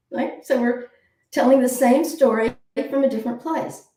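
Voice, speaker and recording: A woman guest author explaining ideas in an animated, expressive way, often checking in with "right?". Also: on the high side, normal speed, roomy sound, distant mic. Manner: animated, acts out phrases, keeps asking "right?".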